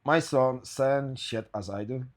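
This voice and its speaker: A podcast host telling stories in a middle-pitched male voice. He swears freely and talks in a loose, anecdotal way. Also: unhurried. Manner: storytelling, swearing, laughing through anecdotes. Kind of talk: casual podcast chat.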